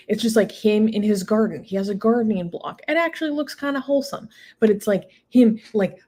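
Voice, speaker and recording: A woman's voice: medium pitch, dark tone. A woman co-hosting a casual talk show, exasperated and emphatic, with laughing asides. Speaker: co-host. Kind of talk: casual chat.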